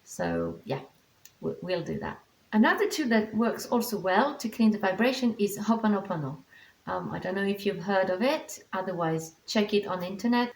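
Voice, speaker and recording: A woman teaching animal communication techniques in a calm, reassuring way, explaining step by step with frequent restarts. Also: mid-range voice, moderate pace. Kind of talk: instructional vlog. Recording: echoey room.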